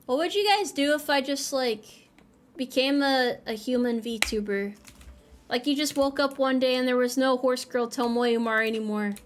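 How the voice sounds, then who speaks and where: A woman's voice: high voice, moderate pace. A young woman streaming a farming game, joking and teasing herself while chatting with her viewers. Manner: playful, self-mocking banter with chat. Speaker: VTuber streamer. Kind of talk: casual live-stream chat while gaming.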